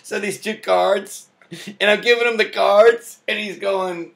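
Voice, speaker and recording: Rambling laughing man, higher voice. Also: fairly even intonation, measured pace, vocal fry, fairly bright tone. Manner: rambling, laughing, filler-heavy storytelling. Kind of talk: rambling personal vlog monologue.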